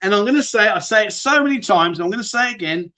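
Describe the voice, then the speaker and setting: A British man hosting a casual livestream chat, reading viewer questions aloud and answering them one by one. His voice sits high for a man, and he talks in a chatty, matey way, calling his viewers "mate". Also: expressive, fast talker, bright, forceful tone. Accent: British English. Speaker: livestream host.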